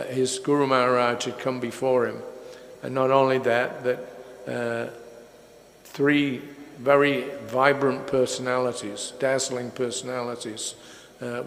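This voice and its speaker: An older man gives an unhurried religious talk in a gravelly voice that keeps to a flat, narrow range. He fills his sentences with pauses and "uh"s. The recording comes from a big, echoey hall with long reverb and faint noise. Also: mid-range voice. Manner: unhurried storytelling with many fillers. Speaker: speaker at a religious festival. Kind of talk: lecture with audience questions.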